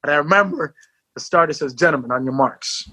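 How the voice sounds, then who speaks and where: A man, a former sprinter, telling his life story in an interview, acting out quotes and shouting at the peaks. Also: a little high, brisk, husky.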